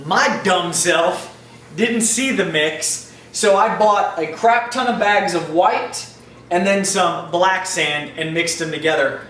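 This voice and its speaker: Sitting far from the mic, a man with a high, pushed, bright voice answers viewer questions about his aquarium in a loose, upbeat vlog Q&A. The recording has a roomy echo and faint ambient noise.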